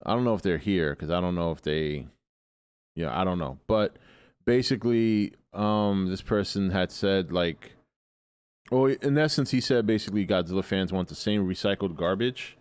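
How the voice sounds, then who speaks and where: A man's voice: sits low, normal speed, smooth, no echo. A man hosting a casual live stream in a groggy, just-woken voice, rambling and opinionated as he answers chat and swears freely. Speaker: livestream host.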